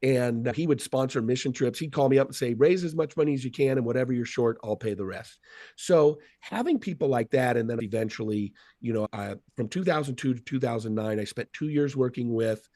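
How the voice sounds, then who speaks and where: Fifties man, podcast guest, reflective storyteller; warm, dry recording. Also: mid-range voice, fairly quick, no room sound. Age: 50s. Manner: reflective, anecdotal, quotes others. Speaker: guest, speaker and author.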